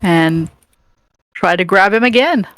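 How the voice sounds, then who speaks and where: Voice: mid-range voice, slow, a bit bright, dry recording. A player in a tabletop game eagerly describing their moves, laughing often. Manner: eager, laughing, explaining actions. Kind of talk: casual tabletop game chat.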